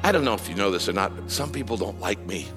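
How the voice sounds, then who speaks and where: Animated male pastor preaching in a big hall. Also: quick pace, music in the background. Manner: animated, emphatic preaching with big swings in pitch. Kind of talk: sermon.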